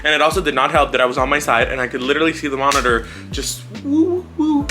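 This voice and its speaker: A man's voice: medium pitch, fairly even intonation, racing, music in the background. A young man around twenty telling a personal story in a casual vlog, rambling and blunt with lots of swearing and filler words. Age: young adult, about 20. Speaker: vlogger. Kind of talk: casual storytelling life update.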